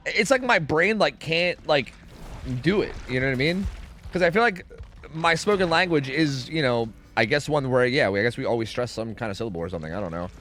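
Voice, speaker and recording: A man's voice: medium pitch, animated, brisk, a bit bright, a little hiss or hum. A young American man chatting casually while streaming a game, rambling, swearing and humming to himself. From United States. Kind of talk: casual gaming livestream chat.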